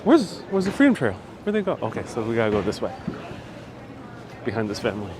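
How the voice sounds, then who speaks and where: A man's voice: medium pitch, big pitch swings, fast. A man hosting a live walking tour, chatting casually and reading out viewer comments, a bit stuffy-nosed, outdoors on city streets. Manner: chatty, reads viewer comments aloud, laughs often. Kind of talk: casual live-stream chat while walking. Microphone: wireless clip-on mic. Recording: faint street noise outdoors.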